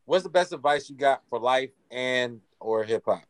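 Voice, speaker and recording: A man's voice: mid-range voice, animated, normal speed, no echo. A man co-hosting a podcast, asking a guest questions in a laid-back way and laughing easily. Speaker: podcast co-host. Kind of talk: casual chat, asking questions.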